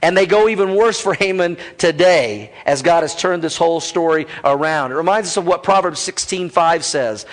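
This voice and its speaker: A man preaching a sermon with a fairly high voice for a man. He teaches in a relaxed, conversational way and slips in jokes. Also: moderate pace, hardly any pauses. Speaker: pastor.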